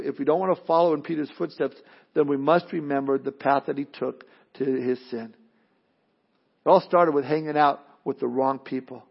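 Male preacher, high-pitched, dramatic loud-and-hushed delivery; muffled lo-fi sound. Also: creaky. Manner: swings from loud urgent appeals to low hushed lines, acts out quotes. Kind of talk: sermon. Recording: dull lo-fi recording.

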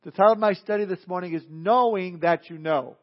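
A high-voiced male pastor delivers a sermon in a folksy, joking way, mixing scripture with stories. The recording sounds dull and lo-fi. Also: brisk.

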